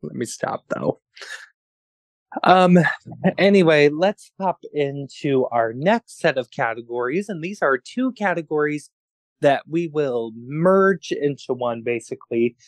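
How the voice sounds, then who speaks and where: A man's voice: a little high, unhurried, no room sound. Dry-sounding casual male podcast host. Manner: relaxed, chatty, laughs often.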